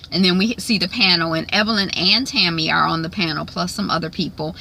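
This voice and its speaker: A woman talks through a TV recap in a loose, chatty way, filling pauses with ums. Her voice is bright and clear, and it sits at an ordinary pitch for a woman. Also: low-quality recording. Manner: chatty, many ums, laughs often. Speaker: recap vlogger. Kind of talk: casual TV recap chat.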